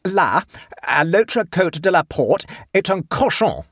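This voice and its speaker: A man's voice: high-pitched, big pitch swings, unhurried, fairly bright tone, breathy edge, no room sound, clean studio sound, voice pushed up, full character voice. A man voicing a prim, flustered middle-aged lady in a storybook reading, talking stiffly and with growing exasperation. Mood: exasperated. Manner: reluctant, stiff, increasingly exasperated.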